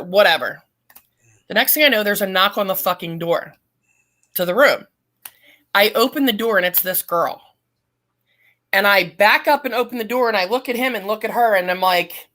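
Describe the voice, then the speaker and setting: A middle-aged woman, a podcast guest, telling a long story in a blunt, profane and animated way. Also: mid-range voice. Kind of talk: casual storytelling.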